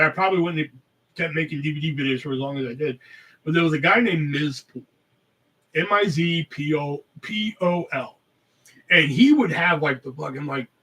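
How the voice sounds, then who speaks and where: A man's voice: a little high, bright, forceful tone, recorded from a distance, poor audio. A man hosting a podcast, telling a rambling story in casual talk full of swearing. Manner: rambling, heavy cursing. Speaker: podcast host.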